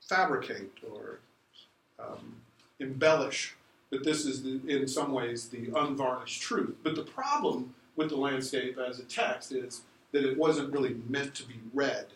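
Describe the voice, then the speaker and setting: A man's voice: medium pitch, fairly bright tone. A middle-aged man giving a casual university lecture, digressive and full of fillers and restarts. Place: lecture room. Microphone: recorded from a distance in the room. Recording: roomy echo from a distant mic.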